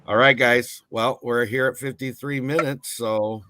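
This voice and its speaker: A man's voice: medium pitch, fairly even intonation, a little slow, very noisy. A man co-hosting a casual live-stream chat, reading out the event lineup in a loose, rambling way.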